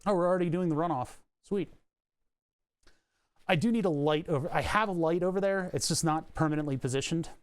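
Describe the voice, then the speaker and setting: A man's voice: on the high side, brisk, smooth, no echo. Rambling, self-amused male streamer. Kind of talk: casual live-stream chat while working. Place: home workshop with a 3D printer.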